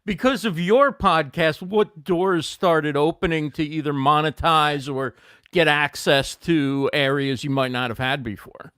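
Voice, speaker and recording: A man's voice: fairly high pitch, measured pace, a bit bright, clear, resonant tone, no echo, studio quality. A man hosting an interview over a video call, asking long questions and giving short agreeing replies. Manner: brief encouraging backchannels. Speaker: interview host. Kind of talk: casual interview.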